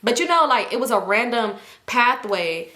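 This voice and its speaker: A young woman telling a story in a casual, animated, profane way, often laughing as she talks. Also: on the high side, normal speed. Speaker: storytime vlogger. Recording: roomy echo.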